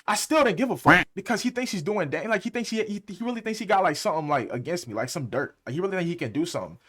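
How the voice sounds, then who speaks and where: Give me a young man with a slightly high voice, telling a heated story at a rapid clip. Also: expressive, a bit bright. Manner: fast, heated storytelling full of slang. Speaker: music producer and streamer. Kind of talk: casual storytime.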